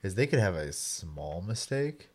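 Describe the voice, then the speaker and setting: A man's voice: sits low, very animated, measured pace. A man co-hosting a casual games chat, dropping dry, wry remarks and swearing casually. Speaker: podcast co-host.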